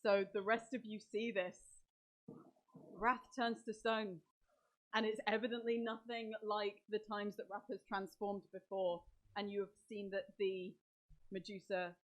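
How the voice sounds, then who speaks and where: A woman's voice: medium pitch, little pitch movement, unhurried. A woman narrating as dungeon master, describing scenes vividly and talking through the rules aloud. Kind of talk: narrating a tabletop game.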